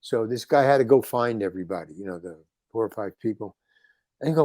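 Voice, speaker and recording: An older man, a guest on an interview show, telling a long anecdote in an animated, rambling way and acting out the lines of the people in it. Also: on the low side, quick pace, dry recording. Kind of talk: storytelling anecdote.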